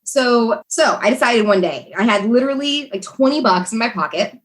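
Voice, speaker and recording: A young woman from the US tells a personal story as a podcast guest. Her voice sits a little high, and she talks in an animated way with frequent laughs, fillers and restarts. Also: moderate pace. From USA. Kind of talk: casual storytelling.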